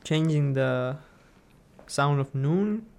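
A man's voice: a little high, expressive, slow pace, gravelly, a little mellow. A man answering a teacher's questions in a lesson, brief and somewhat hesitant. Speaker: student.

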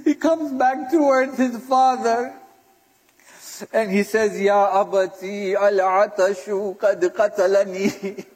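A man's voice: high-pitched, fairly even intonation, slow, a little mellow. A man giving an impassioned religious sermon, chanting lines in Arabic and speaking on the verge of tears as he addresses the audience. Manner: impassioned, breaks into chanted Arabic and near-sobbing. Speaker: speaker recounting a martyrdom narrative. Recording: long hall reverb.

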